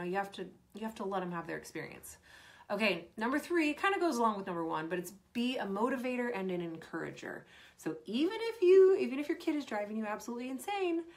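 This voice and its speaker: Earnest woman coach giving parenting advice. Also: medium pitch. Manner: earnest, animated, acts out parent lines. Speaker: performance coach. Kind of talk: Q&A advice talk.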